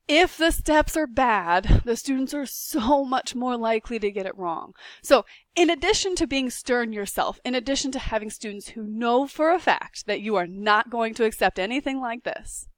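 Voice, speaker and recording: A woman's voice: on the high side, expressive, normal speed, few pauses, dry recording. A woman teaching tutors in a recorded lesson, emphatic and insistent, repeating her points. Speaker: test-prep tutor trainer.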